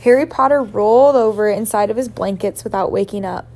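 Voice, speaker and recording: A woman reading a children's novel aloud in a relaxed way, laughing at her own slips. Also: medium pitch, a little fast. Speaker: reader.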